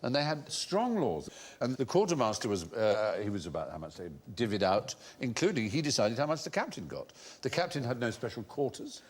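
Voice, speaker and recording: A man's voice: medium pitch, big pitch swings, brisk. A British man hosting a TV panel show, explaining facts at length with wry, articulate asides. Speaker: quiz show host. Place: TV studio with live audience.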